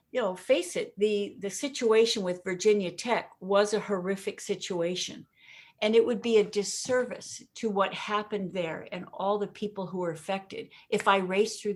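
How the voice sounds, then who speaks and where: Expressive woman coaching on delivery. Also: mid-range voice. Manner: expressive, demonstrates delivery with pauses and emphasis; laughs often while talking. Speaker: communication coach, guest. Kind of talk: interview.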